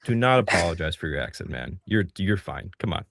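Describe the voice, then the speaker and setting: Male co-host, low pitch, dry close sound, methodical and reassuring. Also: very animated, gravelly, fairly bright tone, no room sound. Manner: measured, methodical, defines terms first.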